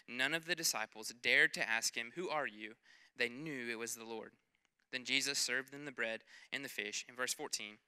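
Bright, clear-voiced pastor preaching. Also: male voice, medium pitch. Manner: playful, conversational, acts out quoted voices. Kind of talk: sermon.

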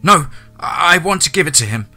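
A man voicing a frightened young woman in a horror story, pleading in a high voice near tears. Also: a little fast, pushed and bright, soft background music. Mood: tearful.

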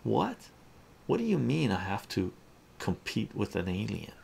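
A man's voice: fairly low pitch, very animated, measured pace, vocal fry, a little mellow, a little hiss or hum, full character voice. A man voicing a bewildered young man in a raised, questioning voice.

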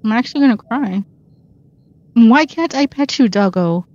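A woman's voice: fairly high pitch, expressive, moderate pace, mellow, dull audio. A woman giving casual, self-mocking commentary while she plays a video game, reacting aloud to what happens on screen. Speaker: gameplay streamer. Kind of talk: casual let's-play commentary.

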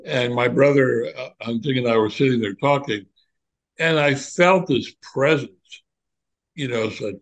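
An older man, a former monk, reminiscing in a relaxed, candid conversation and telling animated stories. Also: medium pitch, a little slow, rough recording. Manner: animated storyteller, candid and reflective.

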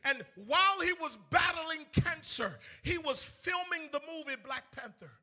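A preacher in his thirties with a very high, sharp, ringing voice. He delivers an emotional sermon in a sing-song cadence. He rises to shouts, then drops to hushed, near-tearful lines. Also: lively intonation, a little slow. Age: 30s. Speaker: evangelist preacher.

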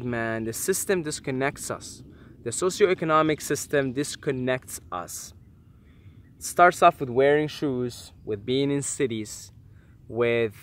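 A young man talking casually to camera about feeling connected to the earth, animated and swearing often, thinking aloud with many restarts and fillers. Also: medium pitch. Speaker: vlogger. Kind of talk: casual spiritual monologue.

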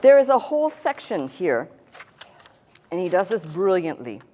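A woman pastor delivers a teaching sermon in a lowish voice. She talks conversationally, slipping in dry, humorous asides, and demonstrates her points with a pen on a tablet. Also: very animated, moderate pace, mellow.

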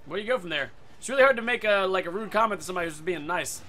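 A man hosting his own gaming channel, giving live commentary over a match and breaking into loud excited outbursts. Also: high-pitched, racing, soft background music. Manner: excitable, loud outbursts and yelling at other players. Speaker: gaming video host. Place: home room.

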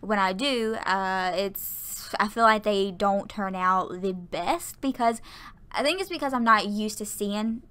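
A woman's voice: mid-range voice, unhurried, sharp tone, smooth. A woman giving a casual, rambling voiceover for her game video, often stumbling over her words. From American South. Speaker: Sims YouTuber. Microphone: home voiceover mic.

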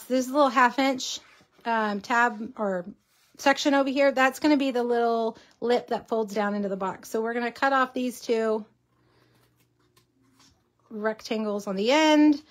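A chatty woman with a slightly high voice hosts a casual craft tutorial livestream. She talks viewers through each step and banters with them as she works. A slight cough lingers in her voice. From Texas. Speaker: host.

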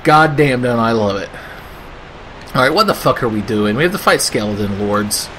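A man's voice: mid-range voice, lively intonation, normal speed, pushed and bright, a little hiss or hum. A man doing sarcastic, profane comedic commentary over gameplay, ranting and putting on silly voices. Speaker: gaming video host.

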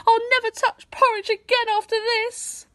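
Woman putting on a shrill panicky greedy boy. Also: flat delivery, normal speed, bright, forceful tone, dry recording. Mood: sulky.

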